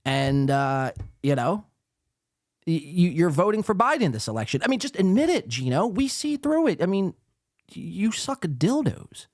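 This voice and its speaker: A man's voice: high-pitched, big pitch swings, moderate pace, no echo. Dude ranting on his podcast, swinging way up and down, cussing and mocking, dry close mic. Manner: profane, sarcastic, mocking. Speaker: podcast host. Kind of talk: ranting live podcast commentary.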